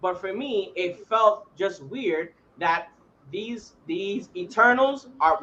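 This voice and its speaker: Male co-host, bright tone, argumentative and profane, casual chat. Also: sits high, lo-fi sound, a little hiss or hum. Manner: profane, laughing, argumentative, repeats himself. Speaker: podcast co-host.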